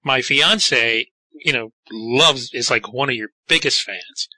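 A man's voice: medium pitch, slow pace, pushed and bright, no room sound, rough recording. A man hosting an interview, eager and fan-like, with many fillers. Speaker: interviewer host. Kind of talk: casual interview chat.

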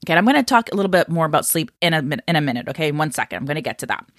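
A woman's voice: low voice, sing-song, rapid-fire, fairly bright tone, dry recording, clean studio sound. A woman hosting a health podcast, chatty and upbeat, coaching listeners with lots of "okay?" and "like". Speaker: podcast host. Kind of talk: casual health podcast talk.

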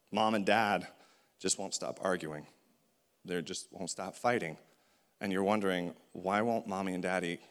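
A man preaching a sermon, animated and conversational, acting out the voices in his stories. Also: on the low side.

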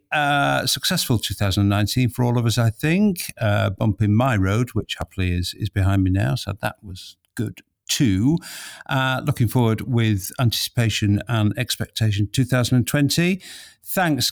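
A middle-aged man hosting a podcast, chatting in a measured way with some hesitant fillers. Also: mid-range voice, gravelly, no room sound, studio quality. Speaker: podcast host. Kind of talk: casual podcast chat.

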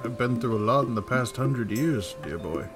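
A man voicing an ancient, gentle, grandfatherly skeleton in a tabletop role-play, talking in a wistful, measured way. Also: mid-range voice, animated, music in the background, lightly acted.

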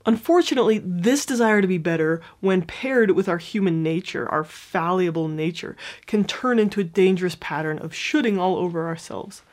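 A woman with a calm, clear voice walks through a self-help lesson. She sounds gently encouraging and keeps an even, explanatory delivery, like a prepared educational video. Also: fairly low pitch, moderate pace, few pauses.

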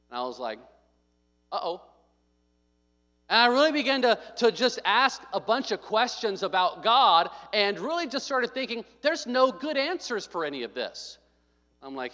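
Preaching in a large, echoing hall, this pastor has a high, bright, forceful voice. His sermon unfolds as a story, laced with jokes and his impressions of what people said.

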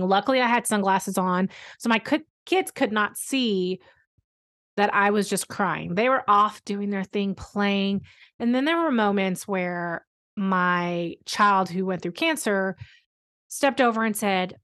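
A woman's voice: medium pitch, fairly bright tone. Therapist lady talking on her podcast, earnest and candid, lots of ums and likes. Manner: earnest, candid, storytelling with fillers. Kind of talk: conversational podcast monologue.

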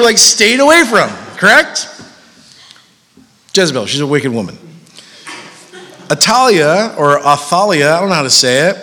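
A man's voice: high voice, pushed and bright, in a large hall. A man preaching a sermon as pastor, talking conversationally and animatedly with frequent fillers and repeats.

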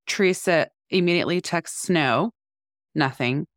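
A woman in her forties co-hosts a podcast and chats casually. Her voice sits low but swings widely as she tells a story and acts out the people in it. The sound is close and dry. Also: normal speed, no echo. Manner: animated storytelling, acting out quotes. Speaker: podcast co-host. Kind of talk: casual chat.

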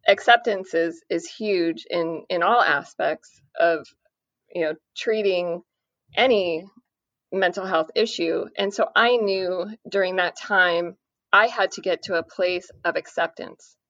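A woman speaking earnestly about parenting a son with addiction, in a measured way with many fillers. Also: lowish voice, a bit bright, dry recording. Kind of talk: conversational podcast interview. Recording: dry, muffled lo-fi audio.

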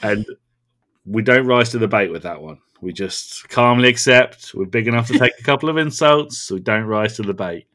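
A man's voice: lowish voice, normal speed, fairly bright tone. A man in casual podcast chat, enthusiastically quoting favourite lines and laughing along. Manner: enthusiastic, quotes lines with relish. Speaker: podcast co-host.

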